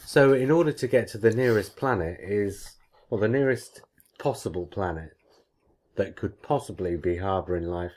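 A man co-hosting a podcast, chatting casually and reading a listener's email aloud with lively emphasis. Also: lowish voice, normal speed. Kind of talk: casual chat.

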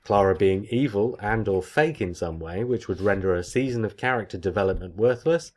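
A man with a low voice hosts a casual podcast. He reads listener messages aloud and breaks in with chatty asides of his own. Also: a little fast, a little mellow. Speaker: podcast host. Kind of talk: casual podcast chat, reading listener comments.

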